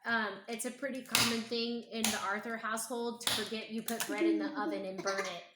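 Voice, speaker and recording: A hoarse, strained woman, a mother gently telling family stories to her child at home, unhurried and humming as she thinks. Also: a little high. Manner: gentle, unhurried, thinking aloud with hums and pauses. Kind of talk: casual storytelling to her child. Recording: echoey room with clear background noise.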